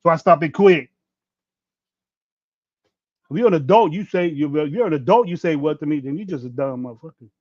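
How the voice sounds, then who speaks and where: A man in his fifties hosts a sports podcast in a casual livestream rant, blunt and full of profanity, rambling and restarting. His voice is fairly high and a little mellow, with lively intonation, a fairly quick pace and long pauses. The dull, dry lo-fi mic gives a dry recording.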